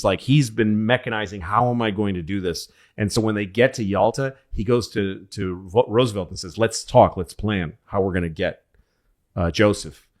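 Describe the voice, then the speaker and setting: Podcast co-host, male, lowish voice, loose rambling comic storyteller. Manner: rambling storyteller, acts out quoted voices, swears. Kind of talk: casual comedic chat.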